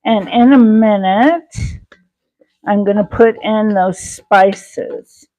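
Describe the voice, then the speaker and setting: A woman's voice: medium pitch, takes it slowly, warm tone, rough recording. A woman hosting a cooking livestream, chatting casually and answering viewer comments with folksy sayings and many fillers. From Wyoming. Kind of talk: casual live-stream chat while cooking.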